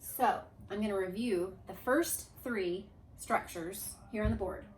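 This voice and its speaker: A woman's voice: medium pitch, measured pace, slight background noise. Woman teacher coaxing a class. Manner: lively, coaxing, leads chants. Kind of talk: classroom grammar review. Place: classroom with a board. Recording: echoey room.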